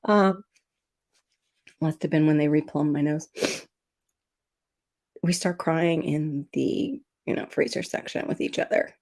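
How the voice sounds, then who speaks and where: Middle-aged woman host, low gravelly voice, casual teary livestream chat. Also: unhurried, long pauses, a little mellow. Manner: emotional, tearful storytelling, sniffling. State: teary, sniffling.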